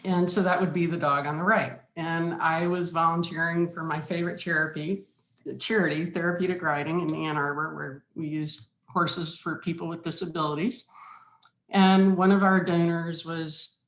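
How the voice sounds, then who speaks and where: A woman giving a slide presentation, speaking in a measured, instructive way with deliberate pauses. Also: on the low side, fairly even intonation. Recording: roomy echo.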